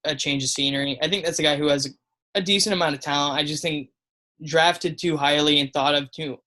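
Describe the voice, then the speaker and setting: A man's voice: on the high side, fairly even intonation, a little fast, bright, forceful tone. A man co-hosting a casual sports podcast, talking in an easygoing way with frequent laughs and fillers. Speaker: podcast co-host.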